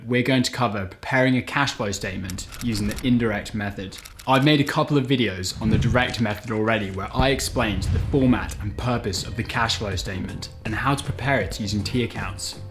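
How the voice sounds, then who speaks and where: A man hosting an educational channel, explaining accounting step by step in a clear, methodical scripted delivery. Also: on the low side. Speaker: host of an accounting lesson channel.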